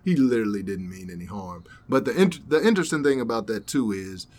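A man's voice: lowish voice, lively intonation, quick pace, darkish tone. A man hosting a podcast, telling a story in a rambling, laid-back way. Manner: rambling, laid-back, many fillers and asides. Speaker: podcast host. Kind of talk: casual storytelling chat.

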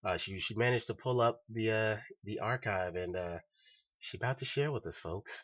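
Deep husky man hosting. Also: a bit bright, highs cut off. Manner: loose, joking, reacts with quick exclamations. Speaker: podcast host. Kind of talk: casual chat.

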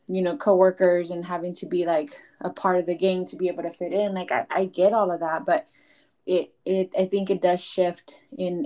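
A woman's voice: fairly low pitch, a little mellow. A woman talking reflectively and a little hesitantly in a casual chat.

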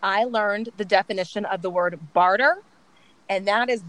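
A woman's voice: mid-range voice, moderate pace, fairly bright tone, rough recording. A young woman co-hosting a podcast from home in a chatty, frank, laughing way. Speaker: podcast co-host. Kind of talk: casual chat.

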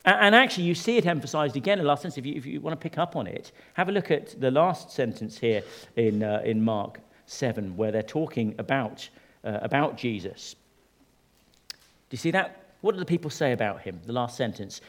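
Animated preacher man, lively swings. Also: moderate pace. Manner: animated, swings from soft and low to loud emphatic rises; conversational asides to the congregation. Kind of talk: sermon.

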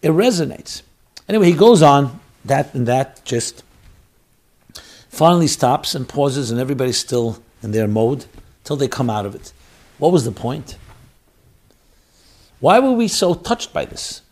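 A man giving a sermon, swinging between loud exhortation and quiet storytelling. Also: mid-range voice, sing-song, a little slow, long pauses.

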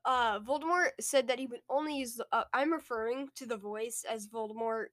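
A woman's voice: fairly high pitch, fairly quick, fairly bright tone. A young woman co-hosting a book podcast, recapping a chapter from her notes with many hesitations. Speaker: podcast co-host.

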